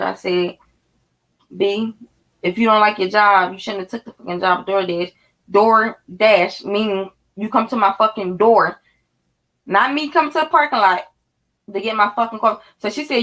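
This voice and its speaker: Philly woman in her 30s ranting to her viewers, lots of cussing, super animated. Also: medium pitch, poor audio. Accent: Philadelphia. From North Philadelphia. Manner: animated, profane, talks straight to viewers. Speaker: vlogger. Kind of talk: casual storytelling to viewers.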